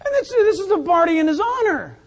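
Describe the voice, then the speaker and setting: A pastor giving a sermon in an animated, jokey way, acting out the scenes. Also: very high-pitched, fairly quick.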